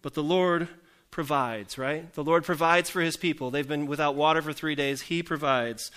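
A man's voice: fairly high pitch, fairly even intonation, normal speed, a bit bright, clear, resonant tone. A male pastor giving a conversational sermon, full of self-deprecating jokes and rhetorical questions to the congregation. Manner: joking, self-deprecating asides.

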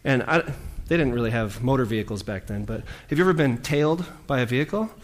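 A man preaching a sermon in a relaxed, conversational way, acting out the lines of the people in his story. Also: mid-range voice, brisk. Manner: lively, conversational, acts out quoted lines.

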